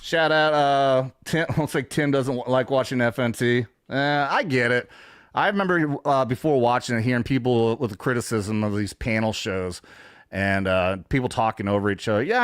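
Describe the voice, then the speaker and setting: A man's voice: medium pitch, expressive, moderate pace, clear, resonant tone, no room sound, studio quality. A man hosting a casual chat stream, talking in a rambling, profane way and laughing often. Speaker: show host.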